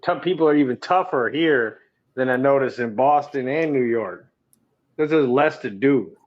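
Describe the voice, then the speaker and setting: A man's voice: mid-range voice, normal speed. Laid-back guy calling in from the road, swears a lot, kinda muffled lo-fi sound. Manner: relaxed, streetwise, swears freely. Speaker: podcast guest, truck driver. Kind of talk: casual chat. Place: on the road, remote call.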